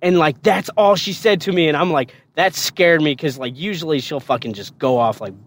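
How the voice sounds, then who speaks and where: A man's voice: a little high, moderate pace. A man casually telling a story on a podcast, swearing often and laughing.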